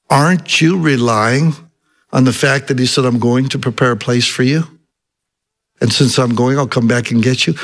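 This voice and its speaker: Animated preaching man, fairly high voice. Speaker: pastor. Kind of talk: sermon.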